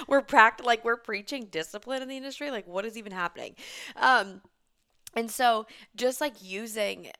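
A woman's voice: a little high, normal speed, vocal fry, a bit bright. A woman in her thirties hosting a casual solo podcast as a business coach, chatty and emphatic, swearing and laughing freely, heavily pregnant and short on sleep.

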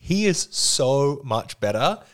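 A man's voice: medium pitch, very animated, slow pace. A man in casual podcast chat who talks with enthusiasm, explains things at length and swears freely.

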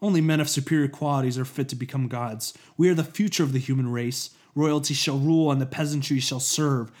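A man voicing an arrogant older male master inventor in a storybook reading, with a pompous, booming, commanding delivery. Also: brisk, a little mellow, close to an everyday voice.

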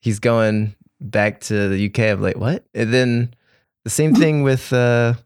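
A man's voice: medium pitch, steady tone, unhurried, darkish tone, clean tone, no echo, studio quality. A man in casual podcast chat who rambles and loses his train of thought.

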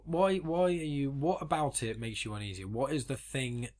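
A man's voice: mid-range voice, moderate pace, darkish tone. A man co-hosting a podcast in casual chat, explaining his reasoning at length and teasing his friend. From England. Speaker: podcast co-host.

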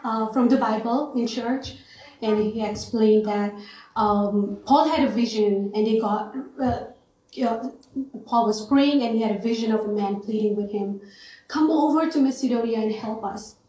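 A woman's voice: fairly high pitch, a little slow, dark tone. A woman from India with an Indian accent, sharing an earnest, lightly self-joking testimony from a church pulpit. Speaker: guest speaker. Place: church sanctuary. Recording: echoey church hall.

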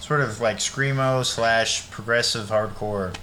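A man's voice: mid-range voice, fairly even intonation, a little slow, sharp tone, slight background noise. A young man co-hosting a podcast, telling rambling stories in casual chat, laughing and swearing freely. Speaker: podcast co-host.

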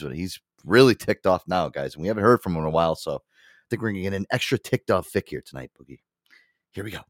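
A man's voice: fairly low pitch, no echo, clean studio sound. A man hosting a podcast in casual chat, joking, laughing and swearing freely. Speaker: podcast host.

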